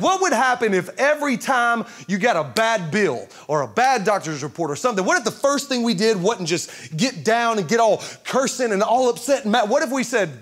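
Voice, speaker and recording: A male pastor preaching a sermon with passion, rising to shouts and dropping to a hush. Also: high voice, sing-song, a little fast, breathy edge. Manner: impassioned, swinging from shouting to hushed.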